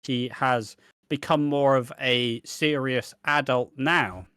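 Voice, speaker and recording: A man's voice: medium pitch, fairly even intonation, takes it slowly, sharp tone, clear, resonant tone, no room sound, clean studio sound. A man co-hosting a podcast, talking bluntly and animatedly with plenty of swearing. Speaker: podcast co-host. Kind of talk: casual podcast chat.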